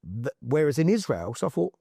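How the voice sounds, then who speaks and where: English man, conversational storytelling, excitable, emphatic, dry close sound. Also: on the high side, brisk, vocal fry, husky, no room sound. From England. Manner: excitable, emphatic, full of asides like "yeah?". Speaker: interview guest.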